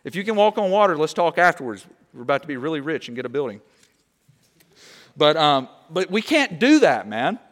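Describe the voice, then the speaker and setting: A young man preaching a sermon, animated and conversational, often checking in with "okay?". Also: on the high side, brisk, long reverb tail. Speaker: pastor.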